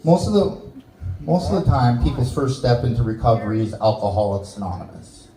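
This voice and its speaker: A Canadian stand-up comedian works a small bar crowd, teasing the audience with crude jokes. His medium-pitched voice is mellow, brisk and sing-song, caught on a rough recording in an echoey room.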